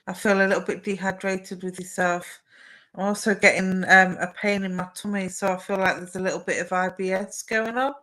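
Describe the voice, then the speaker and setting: A woman's voice: mid-range voice, flat delivery, a little fast, rough recording. A young woman hosting a casual live stream, chatting to viewers and giving psychic readings with plenty of fillers. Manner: chatty, warm replies to viewer comments with frequent fillers.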